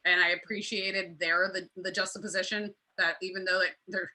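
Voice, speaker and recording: A woman on a panel chatting casually over a video call, acting out scenes in quick quoted voices. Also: on the low side, level tone, sharp tone, low-quality recording.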